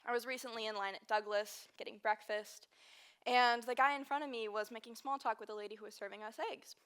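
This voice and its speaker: Young woman from Texas, early 20s, student speaker; slightly high voice, earnest storytelling with emphatic repeated phrases. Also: fairly even intonation, fairly quick, a bit bright, clear, resonant tone. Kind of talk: personal storytelling speech.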